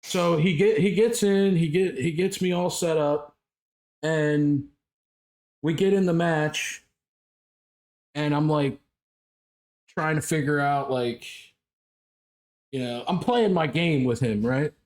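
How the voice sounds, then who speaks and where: This streamer, a man with a slightly high voice, speaks slowly and pauses often while chatting with friends in group voice chat. He tells a story animatedly and performs the lines he quotes.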